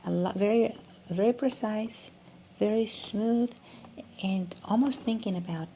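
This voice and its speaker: A woman's voice: medium pitch, measured pace, very noisy. A woman teaching a music lesson, demonstrating as she talks and often restarting her sentences. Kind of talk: instructional video lesson.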